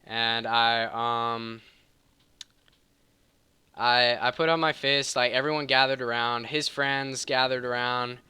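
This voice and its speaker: A man's voice: mid-range voice, steady tone, takes it slowly, long pauses, sharp tone, smooth, no room sound. A man telling a rambling, heated personal story over gameplay commentary, casual and profane, often stopping to correct himself. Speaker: gaming channel host.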